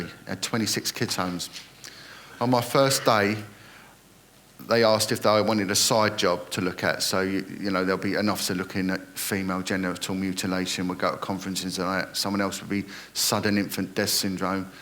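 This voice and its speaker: Middle-aged man, low-pitched, earnest interview storyteller who acts out dialogue. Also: fairly bright tone. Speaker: retired police detective. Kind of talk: recounting experiences in an interview.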